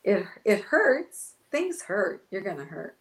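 A woman's voice: medium pitch, big pitch swings, slow, fairly bright tone. Woman pastor telling her story with lots of feeling, roomy echo. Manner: emotional storyteller, voices her own past words. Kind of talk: testimony in an interview.

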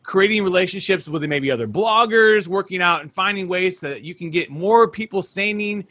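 A man's voice: high voice, moderate pace, sharp tone, dry recording. A man hosting a podcast interview over a video call, hyped and talking straight to his listeners. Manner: hyped, talks up the audience as folks. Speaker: podcast host.

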